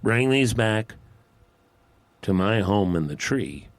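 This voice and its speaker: A man voicing a wise old owl in a calm, patient, instructive way, telling a campfire fable. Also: on the low side, takes it slowly, a little hiss or hum. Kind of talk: live campfire storytelling.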